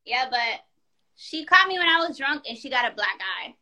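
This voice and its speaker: A woman in casual chat, telling a story in an animated, profane way and acting out the quotes. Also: high-pitched, normal speed.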